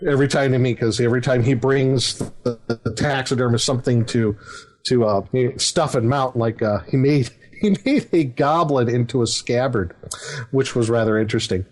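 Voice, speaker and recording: This middle-aged man, a podcast host and game master, tells a rambling, casual story about running a tabletop game, with many chuckles and filler words. He speaks at a medium pitch and normal speed.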